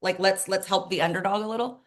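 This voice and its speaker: A woman's voice: medium pitch, steady tone, fast talker. A woman co-hosting a casual reality-TV recap chat, talking in a questioning, reflective way. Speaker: co-host.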